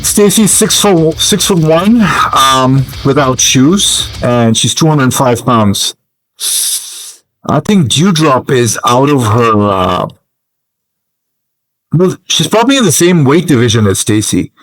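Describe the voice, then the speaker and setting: A man's voice: medium pitch, lively intonation, slow, fairly bright tone, no room sound. A man giving casual, musing gameplay commentary, hesitant and full of fillers as he thinks aloud. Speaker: gamer commentator.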